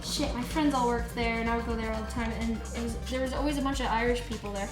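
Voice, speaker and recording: A woman hosting a livestream show in casual chat, excitable and jokey, laughing often. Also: fairly high pitch, fast, reverberant, music in the background. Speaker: host. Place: studio.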